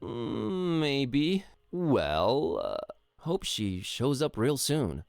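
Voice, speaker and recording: A man's voice: mid-range voice, huge pitch swings, extremely slow, vocal fry, darkish tone, smooth, no room sound, exaggerated voice. A man voicing a laid-back, wisecracking adult adventurer in a game, recorded as dry studio voice-over. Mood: curious. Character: wry easygoing male adventurer, adult. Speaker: game character.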